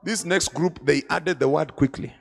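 Preacher man, goes from hushed to yelling, raspy gravelly high voice, big swings. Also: moderate pace. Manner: dramatic, swings between quiet and shouting. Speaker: bishop preaching. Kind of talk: sermon. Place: large conference hall.

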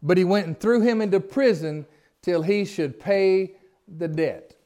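High-voiced man leading a casual Bible study. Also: measured pace, mellow. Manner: reads scripture aloud, then asks the group questions; informal, folksy phrasing with repeated starts. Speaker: Bible teacher. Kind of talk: conversational Bible study teaching.

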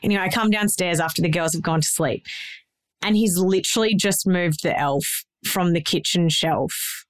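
A pregnant woman in her thirties, co-hosting a casual chat and telling a lively story, acting out the voices in it. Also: normal speed. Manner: animated storyteller, acts out dialogue with big pitch jumps. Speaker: podcast co-host.

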